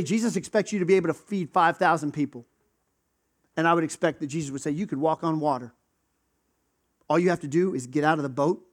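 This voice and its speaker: A pastor preaching a conversational sermon, acting out the voices of the people in his stories. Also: high voice. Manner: conversational, acts out quoted voices.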